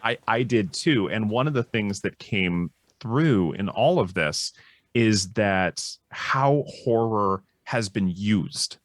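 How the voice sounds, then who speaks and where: Deep-voiced man, thoughtful panel talk. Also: lively intonation, slow pace, dry recording. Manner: thoughtful, restarts often, lectures on history. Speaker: psychologist co-host. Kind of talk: casual panel discussion.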